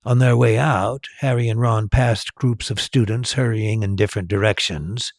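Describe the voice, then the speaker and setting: A man narrating a story slowly and with animation, as a storyteller and tour guide. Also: fairly low pitch, steady tone, no room sound, studio quality.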